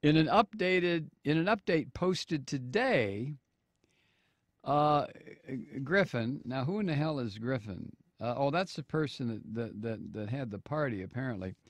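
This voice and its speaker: A man hosting political talk radio, reading a news story slowly with many fillers and sarcastic asides. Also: mid-range voice, lively intonation, dry recording. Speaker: radio talk show host.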